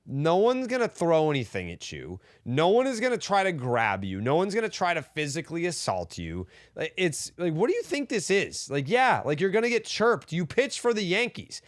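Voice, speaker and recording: A man's voice: on the high side, sing-song, normal speed, few pauses, no room sound, clean studio sound. A man co-hosting a sports podcast, ranting heatedly and swearing often. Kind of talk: casual sports talk.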